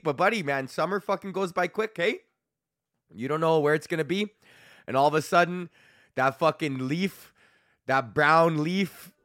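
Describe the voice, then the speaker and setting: Male podcast host and comedian, rambling and profane, bright, forward voice, dry close sound. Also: on the high side, no room sound. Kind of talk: casual podcast monologue.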